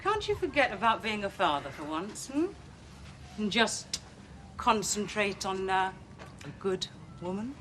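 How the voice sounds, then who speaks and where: An actress playing a flirtatious wife in a 1980s TV soap, with a teasing, playful manner. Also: female voice, mid-range voice, very animated, a little slow, a bit bright, slight background noise. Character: flirtatious wife seducing her husband.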